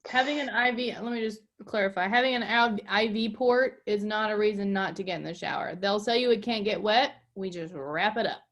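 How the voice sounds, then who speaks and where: A woman doula on a video call, speaking in a lively, emphatic way in casual chat. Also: medium pitch, fairly quick, hardly any pauses.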